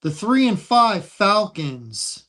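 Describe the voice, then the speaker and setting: A man hosting a casual football picks show, reading out lines and odds deliberately. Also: high-pitched, very animated, a bit bright. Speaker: show host. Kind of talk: casual sports picks chat.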